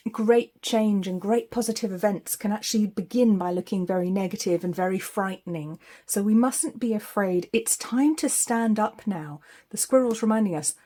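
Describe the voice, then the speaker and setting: A woman's voice: mid-range voice, dark tone. A woman giving a weekly psychic tarot forecast in a chatty, spiritual way, laughing often.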